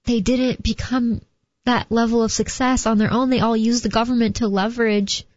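A woman's voice: on the high side, fairly even intonation, normal speed, darkish tone, dry recording. A woman co-hosting a podcast, mostly giving short agreeing responses in casual chat. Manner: brief agreeing interjections. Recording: dull, dry lo-fi sound.

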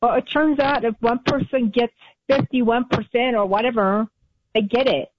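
A woman calling in to a radio show, speaking slowly and hesitantly. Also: fairly high pitch, fairly even intonation, slight background noise. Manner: slow and hesitant. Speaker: caller. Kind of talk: phone-in call. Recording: dull line with music behind.

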